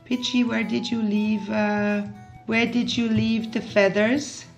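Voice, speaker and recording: Woman, unhurried, fairly high voice, casual game commentary, faint music behind. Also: little pitch movement. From Switzerland. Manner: chatty, talks to her game characters, emotional outbursts. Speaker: gaming YouTuber. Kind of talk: casual let's play commentary.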